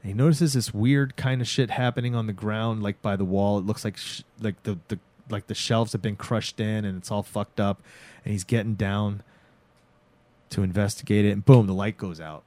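A young man recapping a show in casual chat, animated, acting out the characters' lines and swearing freely. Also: fairly low pitch, moderate pace. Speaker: podcast host recapping a show.

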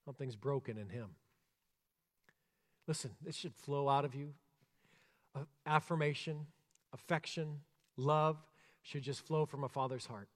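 A man preaching a sermon, earnest, rising to emphasis and dropping soft and slow. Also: mid-range voice. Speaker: pastor. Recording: long reverb of a church hall.

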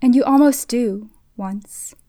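A woman reads literary fiction in a quiet, intimate voice that is fairly high but mellow and warm. Her delivery is hushed and sometimes slips into a whisper. The recording is close and dry, with no room sound. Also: slow, dry recording. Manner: soft and hushed, dropping to a whisper at times. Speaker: reader of a short story. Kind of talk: literary reading in second person.

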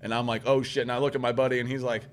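A man telling a long story in casual podcast chat, swearing often and rambling with animated quoted voices. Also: mid-range voice, racing, a little hiss or hum.

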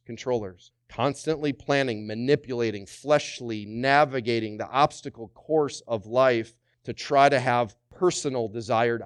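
A male pastor delivers a sermon in a smooth, resonant voice, repeating key words and asking the congregation questions. The sound is dry and close, with no room echo. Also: mid-range voice.

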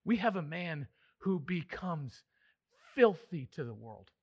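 A man preaching a sermon in church as pastor, moving between emphatic, raised passages and quiet, intimate ones. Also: on the high side, big pitch swings, takes it slowly, dull audio. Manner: swings from loud emphatic preaching to hushed, intimate delivery.

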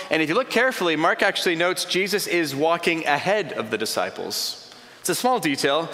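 A man's voice: on the high side, pushed and bright. A man preaching a sermon in a conversational way, building his points with repeated short phrases. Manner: conversational, plays out imagined dialogue. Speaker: pastor. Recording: long reverb of a large hall.

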